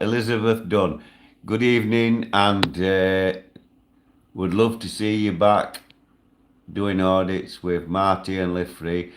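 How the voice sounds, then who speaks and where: A man ranting and chatting on a livestream in broad northern dialect, with loud outbursts. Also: fairly low pitch. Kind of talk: angry livestream rant. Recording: echoey room.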